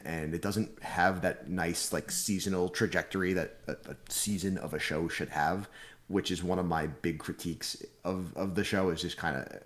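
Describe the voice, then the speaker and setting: A man co-hosting a podcast, explaining his views in a measured, analytical way. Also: deep voice. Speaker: podcast co-host. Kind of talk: casual chat.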